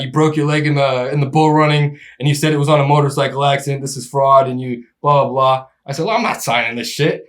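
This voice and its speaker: A young man spins a long story in an easygoing chat, slipping into quick impressions of the people involved and breaking into laughter. His voice sits a little high. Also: fairly bright tone. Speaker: podcast guest telling a story.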